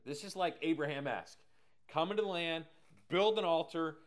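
Male Bible teacher, energetic and digressive, easygoing. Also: fairly high pitch, moderate pace.

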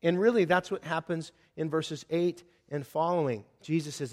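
A man delivering a sermon in a relaxed, talky way, his voice sitting a little higher than most men's. He acts out the people in his story, leaping up in pitch and loudness, then drops low and quiet to make a point. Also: moderate pace, few pauses. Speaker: pastor.

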